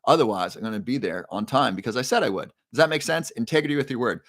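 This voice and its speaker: A man's voice: medium pitch, lively intonation, fast, hardly any pauses, fairly bright tone, no room sound, clean studio sound. A man hosting a casual livestream, telling a story in a chatty way and repeating key phrases. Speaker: livestream host.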